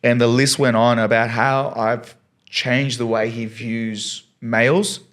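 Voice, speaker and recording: A man's voice: mid-range voice, little pitch movement, slow pace, a bit bright. A man, a science teacher and podcast guest, earnestly telling a long story in a rambling casual way, with many fillers.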